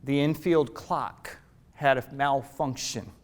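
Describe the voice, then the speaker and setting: A middle-aged man giving a motivational keynote, telling a story dramatically, swinging from hushed asides to loud preacher-like calls to the audience. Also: medium pitch, slow. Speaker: motivational speaker.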